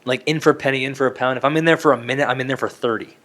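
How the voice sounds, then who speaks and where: A young man co-hosting a podcast, telling stories in a casual, animated way with swearing and quick voiced asides. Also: medium pitch. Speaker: podcast co-host. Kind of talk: casual chat.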